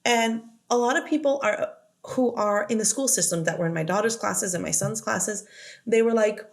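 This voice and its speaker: A woman's voice: mid-range voice, normal speed, vocal fry. A middle-aged woman co-hosting a podcast, retelling a film in casual chat, joking and laughing often. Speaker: podcast co-host.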